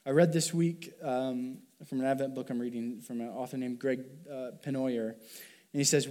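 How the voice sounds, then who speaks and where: A man's voice: mid-range voice, normal speed. Earnest conversational male pastor preaching. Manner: conversational, earnest, with frequent fillers and restarts. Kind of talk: sermon.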